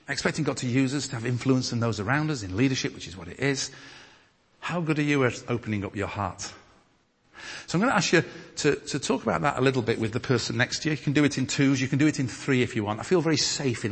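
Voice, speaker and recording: A man from northern England preaching and leading group discussion in a church hall, lively and emphatic as he reads scripture. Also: mid-range voice, creaky, slightly rough. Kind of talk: teaching sermon with group discussion. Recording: long hall reverb.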